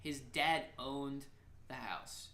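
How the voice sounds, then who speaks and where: A man's voice: medium pitch, fairly even intonation, extremely slow, pushed and bright, echoey room. A man in his twenties, co-hosting a podcast, tells a rambling, profane story and acts out the people in it. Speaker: podcast co-host. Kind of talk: casual storytelling chat.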